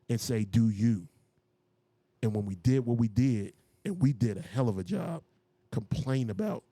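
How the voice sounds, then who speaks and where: A man, a music producer and DJ, telling stories casually in an interview, acting out what people said. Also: no echo. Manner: animated, acts out quotes with raised pitch.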